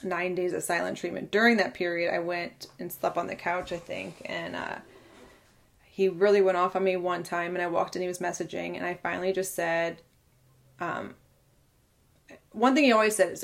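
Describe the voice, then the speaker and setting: A woman's voice: lowish voice, steady tone, normal speed, vocal fry. A woman in her thirties hosting a podcast, telling her own story in a candid, earnest monologue and often quoting what others said. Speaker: podcast host.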